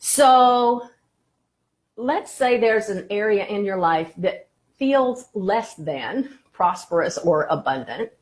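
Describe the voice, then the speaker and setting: A woman teaching about the law of attraction on a live stream, encouraging and warm in her phrasing, greeting viewers by name between points. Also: mid-range voice, lively intonation, slow pace.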